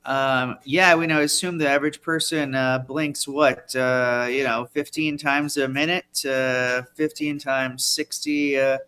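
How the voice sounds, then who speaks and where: Improv show host guy, bright voice, kinda rambly and deadpan. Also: medium pitch, a little slow, hardly any pauses, clean tone. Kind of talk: hosting live improv show.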